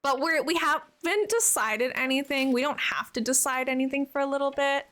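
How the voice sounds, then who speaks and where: A woman's voice: high-pitched, moderate pace, a bit bright. A young woman chatting casually as a live streamer while playing, bubbly and talkative, answering her viewers.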